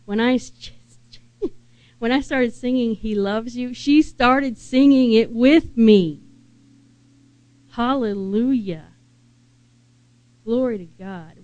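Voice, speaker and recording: A woman preaching a sermon in an earnest, unhurried way and asking her listeners many questions. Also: mid-range voice, darkish tone, dull audio.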